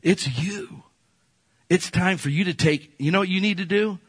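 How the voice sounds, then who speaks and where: A man preaching a sermon as a pastor, folksy and animated, often slipping into playful quoted voices. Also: high voice, moderate pace, breathy edge, no room sound.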